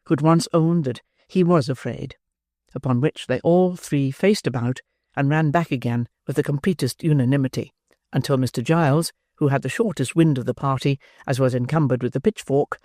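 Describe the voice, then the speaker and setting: A man's voice: mid-range voice, moderate pace, dark tone, dry recording, clean studio sound. Man reading a classic novel aloud. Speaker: audiobook narrator. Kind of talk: scripted narration.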